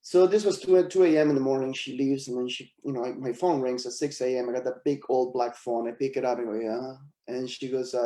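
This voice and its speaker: A man's voice: medium pitch, a little fast, roomy sound. A middle-aged man from Argentina with an Argentine Spanish accent, speaking English as a guest actor in a webinar, telling stories with frequent laughs. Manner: animated anecdotal storyteller, laughs often. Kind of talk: storytelling in a webinar. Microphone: video call.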